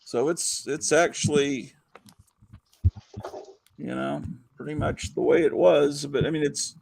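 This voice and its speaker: A man's voice: fairly high pitch, steady tone, slow pace, vocal fry, darkish tone, a little hiss or hum, rough recording. An older man hosting a casual chat, rambling with fillers and chuckles. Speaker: host.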